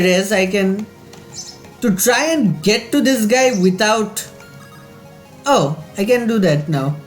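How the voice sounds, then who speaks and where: A man hosting a let's play, calmly thinking aloud while he plays a strategy game. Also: very high voice, echoey room. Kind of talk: game commentary.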